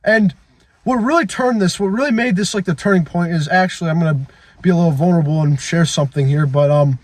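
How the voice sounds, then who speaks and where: A man's voice: on the high side, fast, no echo. A man in his twenties talking into his phone in a blunt, profane, emphatic confessional monologue. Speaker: fitness vlogger.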